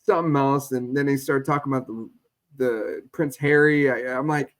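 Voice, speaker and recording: A man's voice: mid-range voice, steady tone, normal speed, a bit bright. A man co-hosting a podcast in casual chat, rambling and trailing off as he talks. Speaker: podcast co-host.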